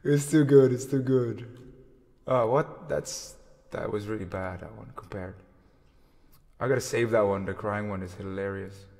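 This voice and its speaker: A man's voice: fairly low pitch, a little slow, creaky, warm tone, big-room sound. A man hosting a music livestream, chatting casually with viewers between songs and laughing often. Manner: giggly, laughs often while talking.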